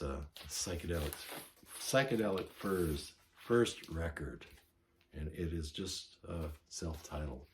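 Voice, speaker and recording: A man's voice: very deep voice, a little mellow, slight background noise. A man vlogging casually about records he found, rambling and correcting himself as he goes, enthusiastic about his finds. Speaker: vinyl record collector vlogger. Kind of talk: casual show-and-tell vlog.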